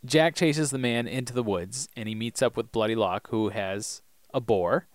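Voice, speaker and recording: Very low-voiced woman podcast co-host. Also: dry recording. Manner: jokey, acts out characters' lines in quick impressions. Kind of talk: casual chat.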